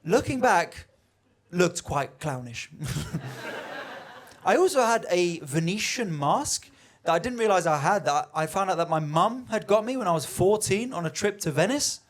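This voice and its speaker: A man's voice: high voice, lively intonation, normal speed. A young man performing a stand-up comedy set, telling a story and acting out the voices of the people in it. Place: comedy venue on stage.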